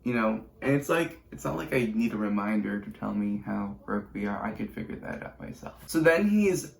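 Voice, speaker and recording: A man's voice: lowish voice, lively intonation, normal speed, creaky. A teenage boy YouTuber telling a casual storytime vlog with chatty, sarcastic asides and rambling restarts. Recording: roomy echo.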